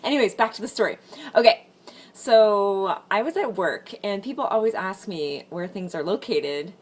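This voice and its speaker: A woman's voice: medium pitch, expressive, moderate pace. A woman telling a funny story to camera in a casual vlog, rambling with frequent fillers and laughs. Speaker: vlogger. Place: room indoors with a fan running.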